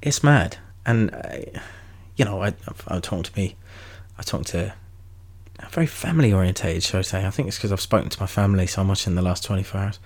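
A man's voice: low-pitched, a little fast. A young man from London with a London accent, talking casually and at length on his podcast, rambling with many restarts and swearing freely. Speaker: podcast host. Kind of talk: casual solo podcast monologue.

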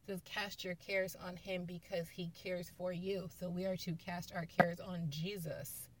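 A woman preaching in a relaxed, conversational way, with a voice that sits a little low. She retells scripture stories with emphasis, leaning into quoted lines as she goes. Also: measured pace. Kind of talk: casual sermon.

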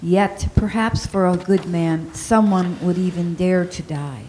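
Woman, scripture reader, slow measured pace, lowish voice, distant, faint noise. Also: steady tone, darkish tone. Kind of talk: reading scripture aloud. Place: church.

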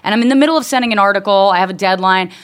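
A woman's voice: medium pitch, racing. A woman in casual chat, telling a story with lots of restarts and swearing.

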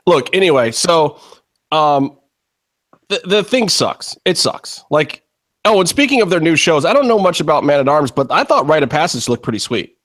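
A man's voice: a little high, normal speed. A man hosting a podcast, ranting casually and cursing about a streaming package. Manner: ranting, profane, animated. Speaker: podcast host.

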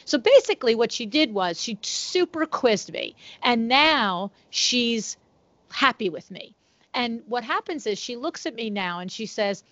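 A middle-aged woman tells a story with lots of energy and acts out the voices of the people in it. Her voice sits a little high. The sound is dry and slightly muffled. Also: normal speed, dry recording. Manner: animated storyteller who acts out both sides of conversations. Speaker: podcast guest, window treatment business owner. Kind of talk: casual storytelling interview.

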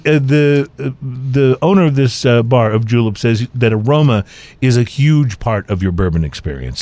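A man co-hosting a casual chat, reading out points in a relaxed way with frequent hesitations. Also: medium pitch, dry recording. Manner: relaxed, hesitant with many fillers. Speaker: co-host.

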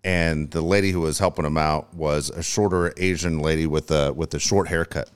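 A man's voice: rumbling low, steady tone, moderate pace, clean tone. A man hosting a casual chat, asking questions and telling a teasing story. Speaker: host.

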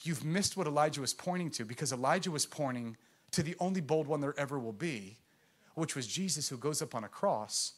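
A man's voice: a little high, lively intonation, brisk. Impassioned preacher man. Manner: impassioned, swings from loud proclamation to hushed intensity; engages the congregation with questions. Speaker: pastor. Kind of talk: sermon.

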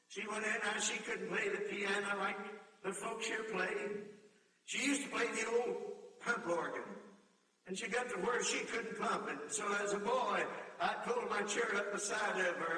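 An older preacher with a very high, bright, ringing voice, heard from a distance in an echoing hall with a long reverb. He tells his story with feeling, slips into singing hymn lines and rises to shouted appeals. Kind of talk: camp meeting sermon. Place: large meeting hall or tabernacle. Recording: echoey hall, voice from far off.

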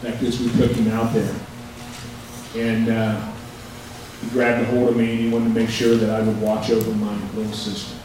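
A male pastor with a mid-range voice preaches at a moderate pace in a completely flat delivery, over music. Heard from afar in an echoey church sanctuary, he tells folksy stories between readings from scripture as the congregation responds.

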